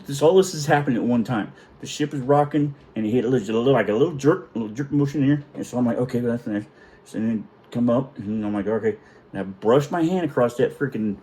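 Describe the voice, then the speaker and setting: Animated middle-aged man telling war stories. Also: mid-range voice. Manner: profane, animated, self-mocking. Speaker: storyteller. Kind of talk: casual storytelling.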